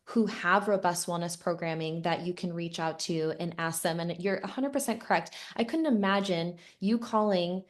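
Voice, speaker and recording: A woman's voice: fairly low pitch, moderate pace, hardly any pauses. A woman hosting a podcast interview, speaking in a reflective, agreeable way with "like" as a filler. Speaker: podcast host.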